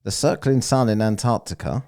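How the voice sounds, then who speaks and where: A man's voice: medium pitch, animated, normal speed, a little mellow. A man giving sarcastic, profane commentary on a clip he is reacting to. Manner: mocking, profane, sneering.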